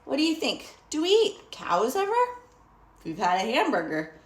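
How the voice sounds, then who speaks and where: A woman's voice: on the high side, very animated, normal speed, echoey room, far from the mic. A woman teaching a storytime yoga lesson to children, encouraging them, asking them questions and praising them.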